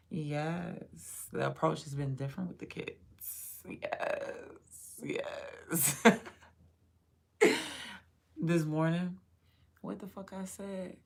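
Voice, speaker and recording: Casual woman streamer, deep gravelly voice, loose and profane with a laugh. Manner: profane, laughing, loud and playful. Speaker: livestreamer; mother. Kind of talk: casual livestream chat.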